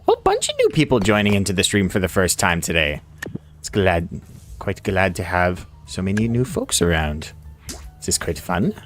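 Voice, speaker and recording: A man streaming a building game, chatting casually to his viewers and to himself as he plays, laughing often. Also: lowish voice. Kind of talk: casual live-stream commentary. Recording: faint music behind.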